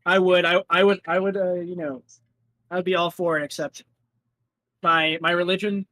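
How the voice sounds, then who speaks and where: High-voiced man, playful player. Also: little pitch movement, moderate pace, bright, forceful tone, no room sound. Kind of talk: in-character tabletop role-play.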